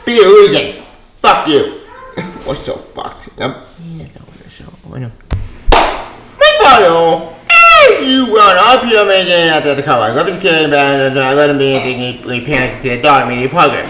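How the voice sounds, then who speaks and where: A man ranting on his own channel, swearing, shouting and exasperated. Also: fairly high pitch, sing-song, normal speed, roomy sound, background noise. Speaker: comic book vlogger. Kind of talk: angry rant.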